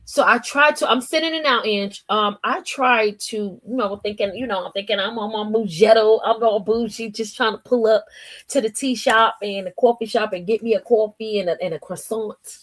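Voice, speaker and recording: A woman's voice: mid-range voice, moderate pace, a bit bright. A woman from New Jersey with a New Jersey accent, hosting a casual morning livestream in a chatty, slangy way, laughing often and reading her chat aloud. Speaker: livestream host.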